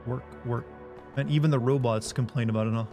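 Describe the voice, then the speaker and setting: Wry, mellow male game streamer. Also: medium pitch, fairly even intonation, fast talker, faint music behind. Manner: joking, wry, reads game text aloud. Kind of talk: live game commentary.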